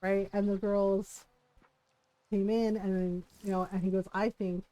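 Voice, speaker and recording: A middle-aged woman chats on her stream, winding through a family story with lots of "he's like" and quick changes of voice as she quotes her husband and daughters. Her tone is warm and dark rather than bright, sitting at an ordinary pitch for a woman. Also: poor audio. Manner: rambling, quotes people in animated voices, frequent laughs. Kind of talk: casual storytelling chat.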